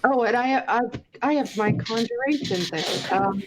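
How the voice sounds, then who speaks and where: A woman playing a tabletop game, slowly thinking aloud about her spells. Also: a little high. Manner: slow and thinking aloud, reading from her sheet. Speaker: player. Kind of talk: casual tabletop game chat. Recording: dull lo-fi sound with faint noise.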